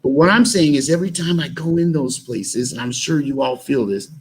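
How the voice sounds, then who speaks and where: A man's voice: fairly high pitch, brisk, a little hiss or hum, rough recording. A man telling stories in an interview, rambling with fillers and restarts. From United States. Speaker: actor and musician guest. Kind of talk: animated storytelling in an interview.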